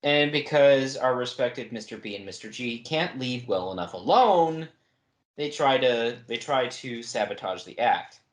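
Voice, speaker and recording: A man's voice: medium pitch, lively intonation, measured pace, echoey room. A man co-hosting a casual book podcast, recapping chapter events with wry asides. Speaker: podcast co-host.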